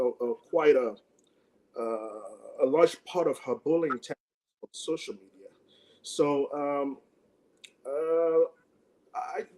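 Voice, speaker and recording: A man's voice: mid-range voice, darkish tone, a little hiss or hum, rough recording. A man with a Nigerian accent hosting a casual livestream, chatty and laughing often as he greets viewers by name. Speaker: livestream host.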